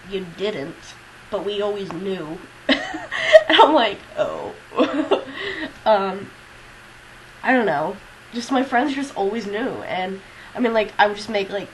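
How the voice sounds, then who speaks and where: A young woman vlogging alone, telling a personal story in a loose, rambling way full of "um" and "like" and the odd swear word. Her voice sits at an ordinary middle pitch. A faint hiss runs under the recording. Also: low-quality recording. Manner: rambling, profane, self-deprecating with many fillers. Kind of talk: casual confessional vlog.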